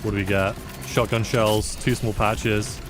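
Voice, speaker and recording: A man's voice: fairly low pitch, flat delivery, a little slow. A man from the UK casually commentating a game as a live streamer, reacting with sudden exclamations and chatting with viewers. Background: game music.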